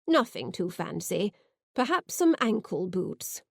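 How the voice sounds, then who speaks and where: A woman voicing Alicia, a thoughtful, sharp elderly great-grandmother, in an audiobook. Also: medium pitch, very animated, vocal fry, husky, no echo, clean studio sound, exaggerated voice. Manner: thoughtful, measured.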